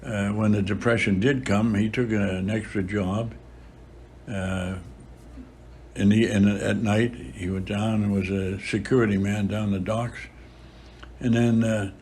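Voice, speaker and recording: A centenarian priest tells his memories slowly, stopping often to gather his words. His voice sits somewhat low, and a faint hiss runs behind him. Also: steady tone, darkish tone. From Boston area, USA. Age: about 100. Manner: unhurried storytelling with frequent filler pauses. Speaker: priest, interview guest. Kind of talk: reminiscing in an interview.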